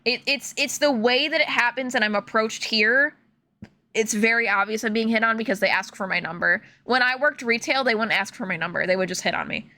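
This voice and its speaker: A young woman from Illinois, a streamer telling stories in casual, animated chat full of fillers while she plays a game. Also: on the high side, a little fast. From Illinois, USA. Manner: animated, chatty, filler-heavy, laughs often. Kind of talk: casual storytelling while gaming.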